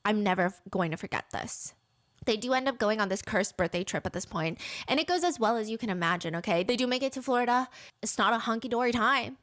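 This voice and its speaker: Woman storyteller with a slightly high voice, casual and sassy, swears freely. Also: lively intonation, fast, fairly bright tone. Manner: swears freely, reads texts aloud with sass.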